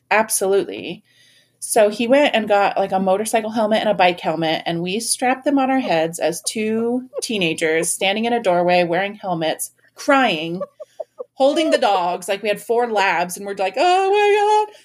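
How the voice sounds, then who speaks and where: A woman in her thirties telling funny stories in casual chat, acting out other people's voices and laughing along. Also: medium pitch. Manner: animated, laughing, acts out quoted voices. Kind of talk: casual storytelling.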